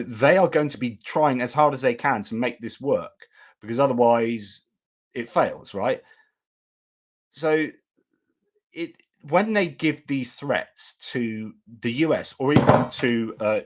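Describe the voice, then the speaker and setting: A British man hosting a live stream, talking in a rambling, self-correcting way with lots of restarts. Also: medium pitch. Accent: British English. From United Kingdom. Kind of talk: casual live-stream commentary.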